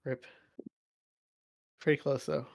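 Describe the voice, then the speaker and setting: A man player at a tabletop game, making polite, low-key asides. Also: little pitch movement, slow pace, gravelly, a little mellow, no echo, clean studio sound. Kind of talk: tabletop role-play.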